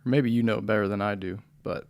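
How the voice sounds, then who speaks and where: A man's voice: lowish voice, fairly even intonation, quick pace, a little mellow, clean tone, no echo. Laid-back young man hosting a podcast. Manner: laid-back, rambling, laughs often, swears. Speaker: podcast host. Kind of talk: casual podcast chat.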